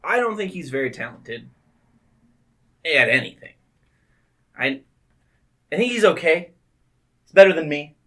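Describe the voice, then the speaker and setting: Man, bright tone, casual movie chat, swears a lot, animated. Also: on the high side, a little slow, long pauses. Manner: swears a lot, animated, puts on voices when quoting. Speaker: movie podcast co-host.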